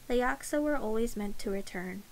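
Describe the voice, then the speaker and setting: A woman voicing a calm, pitiless male priest who speaks gravely and evenly, in a storybook reading. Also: on the high side, slight background noise, close to an everyday voice, rough recording. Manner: grave, measured.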